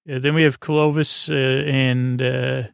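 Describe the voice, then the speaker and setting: A man's voice: medium pitch, level tone, takes it slowly, creaky, clear, resonant tone, no room sound. A man hosting a podcast, casually recapping an episode in a rambling way with lots of filler words. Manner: rambling, filler-heavy retelling. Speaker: podcast host.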